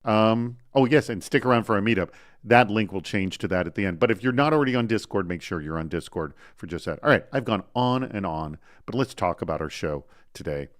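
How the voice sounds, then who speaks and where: A man hosting a live online talk show, chatty and energetic as he runs through announcements and introduces guests. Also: lowish voice, fairly quick, no echo.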